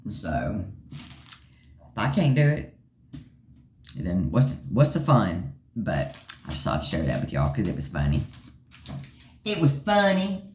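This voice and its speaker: Low-voiced woman in an echoey room. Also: huge pitch swings, slow pace, long pauses, a little mellow, a little hiss or hum. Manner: chatty, joking, acts out quotes in a high voice. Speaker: vlogger sharing her health journey. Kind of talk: casual storytelling to viewers.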